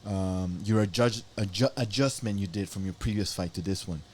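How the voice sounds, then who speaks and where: A man's voice: on the low side, moderate pace, a little mellow. A man co-hosting an interview, affirming the guest and steering with questions. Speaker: podcast co-host. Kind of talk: casual interview chat.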